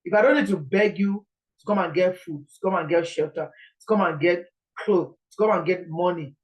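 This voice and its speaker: A woman's voice: on the low side, normal speed, poor audio. Earnest Nigerian woman preaching. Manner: earnest, repetitive, pleading. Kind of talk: informal sermon.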